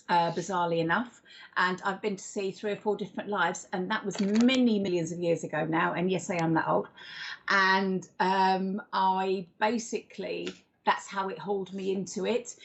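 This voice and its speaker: A woman who is a psychic medium and regression therapist, giving card readings in a chatty, rambling, affectionate way and calling people darling. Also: mid-range voice. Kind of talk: live-stream card readings and chat.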